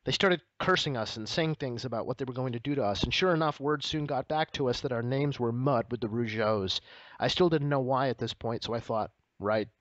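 A man's voice: medium pitch, fairly quick, dry recording. A man co-hosting a casual podcast, reading a book aloud with comic asides. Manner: reads with comic asides and laughter. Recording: dull, slightly lo-fi dry audio.

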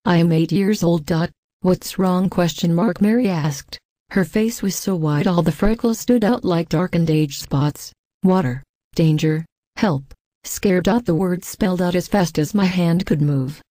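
A woman with a fairly low, dark, mellow voice reads a first-person ghost story in a measured, even way, and reads the quoted lines herself. The recording is close and dry, with no room sound. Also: no room sound. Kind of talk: scripted ghost story narration.

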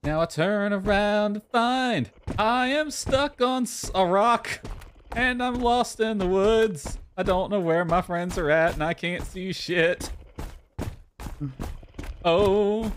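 A man's voice: sits high, slow pace, a little hiss or hum. A man streaming a game live, chattering to himself, calling out playfully and now and then singing in a mock-sad voice. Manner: playful, talks to himself, sings and calls out in a mock-plaintive voice. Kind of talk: live gameplay commentary.

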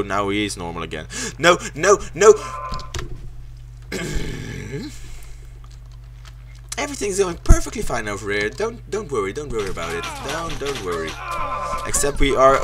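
A man's voice: medium pitch, background noise. A young man, not a native English speaker, doing sarcastic let's play commentary, cursing and yelping at the game. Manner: sarcastic, swears a lot, yelps and shouts at the game. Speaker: gaming commentator.

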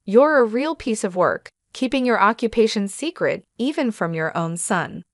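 An indignant, blustering middle-aged bank manager shouting his complaints, as a woman reads him in a story. His voice stays at a middle pitch with a close, dry sound. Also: lively intonation, moderate pace, no room sound, natural voice.

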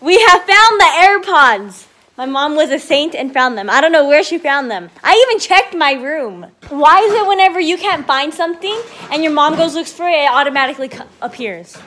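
A woman's voice: sits high, brisk, hardly any pauses, a bit bright. A young woman vlogging in a chatty, dramatic, self-mocking way, talking while she drives a car. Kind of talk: casual vlog chat. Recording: noisy car interior.

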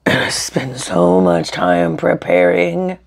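A woman's voice: a bass voice, sing-song, slow pace, creaky. A woman chatting casually to her camera while eating, blunt and frank, swearing and then apologizing. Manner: talks between bites while eating. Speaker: mukbang vlogger.

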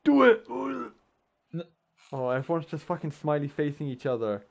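A man's voice: a little high, fairly quick, a little mellow. A man commentating his own online gameplay in casual, sarcastic banter, cursing and exclaiming at his teammates. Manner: frequent exclamations and laughs.

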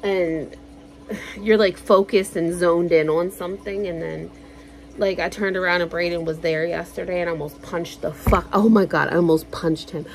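A woman vlogger telling stories in a casual, animated way, swearing freely and acting out quotes loudly. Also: on the low side, moderate pace, vocal fry. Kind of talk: casual storytelling.

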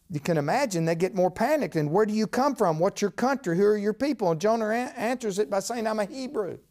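Animated preacher with a lively voice. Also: male voice, high-pitched. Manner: animated, dramatic storytelling with quoted voices. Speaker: pastor. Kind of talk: sermon.

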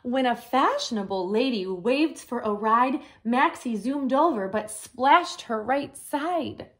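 Woman storyteller reading to kids, unhurried and gentle, slightly high. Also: lively intonation. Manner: gentle, adds her own comments. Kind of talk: reading a picture book aloud to children.

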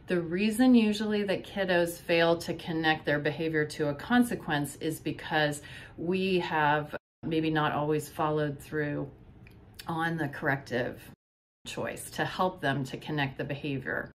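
A woman therapist with a notably low voice gives parenting advice to camera. She speaks in a calm, gentle and measured way, with faint background noise.

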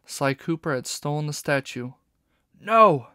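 A man narrating a children's novel audiobook in steady storytelling. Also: mid-range voice, unhurried, creaky, dry recording, clean studio sound.

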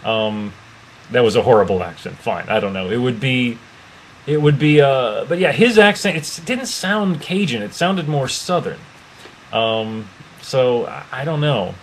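A man in an easygoing movie-review chat, his voice sitting at a middle pitch. He hedges and restarts a lot and keeps circling back to his point. A faint hiss sits under the recording. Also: expressive, unhurried. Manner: hesitant, many restarts and "I don't know". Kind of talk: casual chat.

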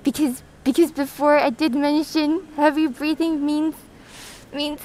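Brief: woman streamer, high and unhurried, chatty, breathing hard behind a mask, phone mic, faint background hum. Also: low-quality recording. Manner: chatty, reads chat aloud, greets viewers excitedly. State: breathing heavily through a thick mask. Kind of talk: casual live stream chat. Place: airport terminal, indoors. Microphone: phone held by hand.

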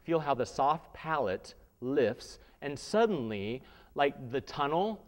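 Man, voice coach, mid pitch, demonstrative lecturing, long room reverb. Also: very animated, takes it slowly. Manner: demonstrative, coaching the audience through exercises. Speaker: theatre instructor leading a voice workshop. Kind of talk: live workshop lecture with vocal demonstrations.

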